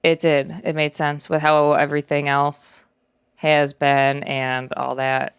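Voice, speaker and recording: A young woman with a low, smooth voice chats in a reflective, halting way, pausing often on fillers as she gathers her thoughts. She co-hosts a relaxed podcast recorded on a close mic. The sound is dry and clean. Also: no room sound. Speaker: podcast co-host. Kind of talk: casual chat.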